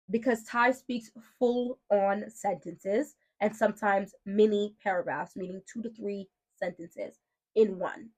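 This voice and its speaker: Outspoken woman with a higher voice. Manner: emphatic and outspoken, lecturing tone; protective, firm and direct. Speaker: mom and beauty vlogger. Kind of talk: casual storytelling vlog.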